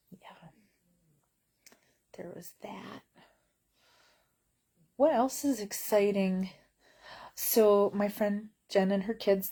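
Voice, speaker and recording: A woman's voice: medium pitch, warm tone. A woman vlogging from bed at home in casual chat, wry and blunt, rambling with lots of fillers.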